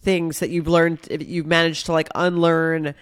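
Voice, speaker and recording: A podcast co-host chatting casually, reflective and quick to tease. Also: medium pitch, flat delivery, clear, resonant tone, no echo, clean studio sound.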